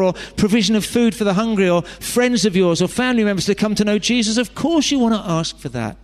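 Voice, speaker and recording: A man preaching a sermon, chatty and full of rhetorical questions and joking asides. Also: high-pitched. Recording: long hall reverb.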